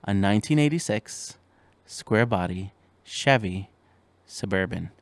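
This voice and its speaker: Excitable stammering man telling a story. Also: lowish voice, unhurried, no echo. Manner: animated, stammering restarts, voice jumping up when exasperated. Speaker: podcast host. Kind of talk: casual storytelling.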